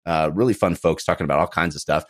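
A man's voice: a bass voice, fast. A man hosting a games podcast, joking and rambling through casual chat and segment introductions. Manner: jokey, rambling, warm segment reads. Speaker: podcast host.

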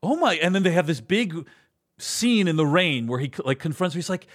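Animated man hosting a film podcast. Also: a little high, moderate pace. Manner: animated, acts out lines in quoted voices. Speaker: podcast host. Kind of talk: casual film discussion.

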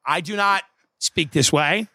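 Male comic, slightly higher-pitched voice, wry and profane, rambling storyteller, dry close sound. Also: a little slow, sharp tone, dry recording. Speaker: comedian. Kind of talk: stand-up storytelling.

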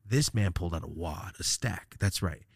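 A man's voice: sits low, lively intonation, moderate pace, vocal fry, dry recording, studio quality. A man hosting a podcast, telling a rambling, profane story in casual chat and acting out the lines of people in it. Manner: profane, rambling, acts out quotes. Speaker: podcast host.

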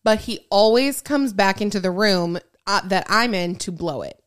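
A woman's voice: mid-range voice, moderate pace, smooth. A woman co-hosting a casual podcast, reading listener messages aloud and giggling as she riffs on them.

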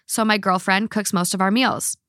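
A woman hosting a podcast, chatting casually and reading listener stories aloud in a blunt, animated way. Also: mid-range voice, normal speed, no room sound, clean studio sound. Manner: blunt, swears freely, animated. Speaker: podcast host.

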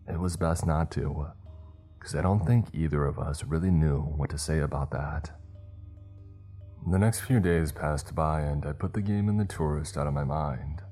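A man reading a horror story aloud in a steady, measured storytelling manner. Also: rumbling low. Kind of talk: scripted horror narration.

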